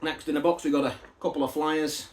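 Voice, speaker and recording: A man's voice: a little high, little pitch movement, fairly quick. A man chatting casually to camera as he unboxes records, rambling into side stories and asides. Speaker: record collector showing a parcel of vinyl albums.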